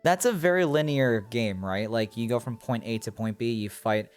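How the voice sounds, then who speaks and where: Soft music plays behind a man's medium-pitched voice as he streams a game at a moderate pace. He thinks out loud in rambling, casual commentary and talks with the people watching.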